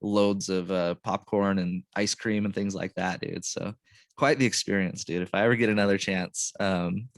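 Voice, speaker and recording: A man with a fairly low voice chats in an easygoing, unhurried way, tossing in "dude" and "man" as he hosts a sports podcast. The sound is dry and close, with no room around it. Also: steady tone, dry recording. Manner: laid-back, says dude and man a lot. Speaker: podcast host. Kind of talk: casual chat.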